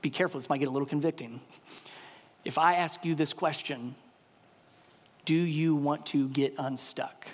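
A male pastor with a high voice preaches a sermon in a large room full of listeners. His words ring with a long hall reverb. He keeps it lively, jumping up and down in pitch to act out the voices in his listeners' heads. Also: normal speed, long pauses. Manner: animated, acts out the congregation's inner voices with jumps in pitch.

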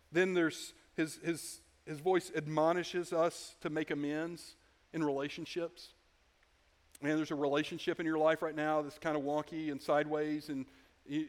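Conversational man preaching a sermon. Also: a little high. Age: adult. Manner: conversational, with frequent restarts and quiet asides. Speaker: pastor.

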